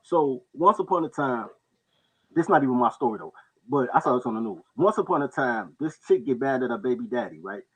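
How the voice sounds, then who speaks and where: A man casually telling stories on a talk show, animated and quick to act out the people in them. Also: husky, lo-fi sound. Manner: animated storyteller, jumps into high-pitched voices for others. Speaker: podcast co-host telling stories. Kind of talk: casual storytelling chat.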